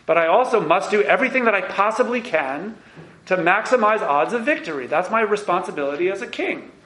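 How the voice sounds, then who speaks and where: A man voicing an ancient king who calmly justifies his faith and his war plans, in a roomy classroom. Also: high-pitched, brisk. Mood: defensive.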